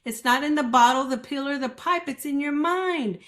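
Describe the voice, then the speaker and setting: Pitched high and a bit bright, this woman talks at a normal speed. As a guest, she opens up about her recovery with candid, emotional testimony and performs the voices of people she quotes.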